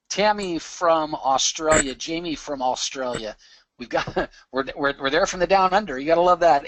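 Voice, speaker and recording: An energetic man hosts a live webinar, reading out names with quick, chatty asides. His voice sits a little high. The sound is close and dry, like a desk or headset mic on a computer call. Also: no room sound. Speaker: webinar host.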